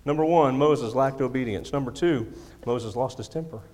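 A man preaching in a church sanctuary, his voice ringing with a long hall reverb. He presses his points by repeating them and pokes fun at himself, sitting at a middle pitch. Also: moderate pace, a little mellow. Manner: emphatic, repeats key lines, self-deprecating humor. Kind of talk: sermon. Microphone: handheld or stand microphone.

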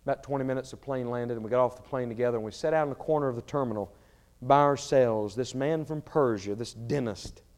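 A man's voice: medium pitch, quick pace. Fervent preacher man in a big hall. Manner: swings from shouted fervor to quiet storytelling. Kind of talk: sermon. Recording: reverberant large hall.

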